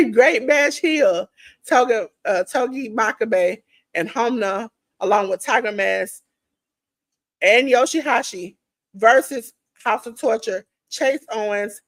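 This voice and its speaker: A woman hosting a casual wrestling podcast, her voice going hoarse, chatting straight to her listeners. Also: on the high side, slow pace, no room sound. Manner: chatty, addresses listeners directly as ladies and gentlemen. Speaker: podcast host. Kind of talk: casual wrestling preview chat.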